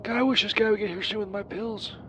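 A man's voice: sits high, steady tone, quick pace, background noise, close to an everyday voice. A man voicing a crude, burned-out Saint Peter who rambles profanely through a comedic voicemail. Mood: rambling. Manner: rambling, profane, distracted, lots of fillers.

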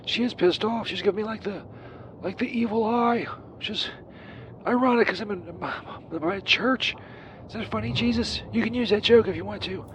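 A man's voice: high voice, moderate pace, fairly bright tone, slight background noise. A man phoning in as a regular caller, rambling crudely and stammering with lots of fillers, calling from a vehicle. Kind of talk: rambling prank-style phone call.

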